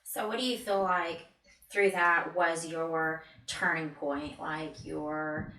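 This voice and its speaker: A woman's voice: sits low, steady tone, slow, bright, forceful tone, echoey room, far from the mic, rough recording. A woman hosting an interview, asking questions conversationally and sharing her own view. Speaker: interviewer, host.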